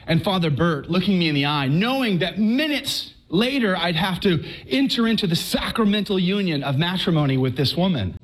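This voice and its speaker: High-voiced man from Texas telling his story. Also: low-quality recording. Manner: animated, conversational storyteller who often restarts words. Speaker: speaker giving a personal faith testimony. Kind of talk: storytelling talk to a live audience.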